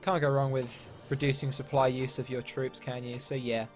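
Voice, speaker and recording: A man's voice: mid-range voice, flat delivery, normal speed. Chatty English man thinking aloud. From England. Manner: chatty, thinks aloud, mutters asides and laughs. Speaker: let's play gamer. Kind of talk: casual strategy game commentary. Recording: faint game music behind.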